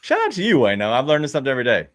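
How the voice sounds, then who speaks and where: A man co-hosting a casual sports talk show, rambling through his points with restarts and quick asides. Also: mid-range voice, huge pitch swings, a bit bright, dry recording. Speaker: podcast co-host.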